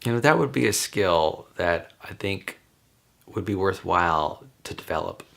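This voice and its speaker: A man's voice: sits low, lively intonation, measured pace, vocal fry, fairly bright tone. A man talking casually on his own, answering questions in a rambling, chatty way with light laughs. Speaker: vlogger.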